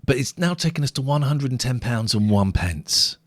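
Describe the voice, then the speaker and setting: Brief: male co-host, casual late-night stream chat, animated delivery, dry close mic. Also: mid-range voice, normal speed, no echo. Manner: chatty, wry, reads out tips and comments. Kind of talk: casual chat, reading out viewer comments.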